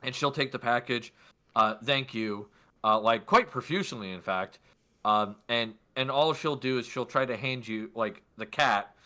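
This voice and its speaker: Bright-toned male game master, loose and full of fillers. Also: mid-range voice, moderate pace. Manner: loose narration with many fillers. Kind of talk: narrating a tabletop game.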